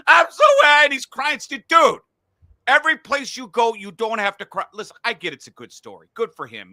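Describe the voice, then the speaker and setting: A man's voice: a little high, sharp tone, no echo. A middle-aged man hosting a casual sports podcast from a home studio, blunt and profane when he rants. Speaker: podcast host.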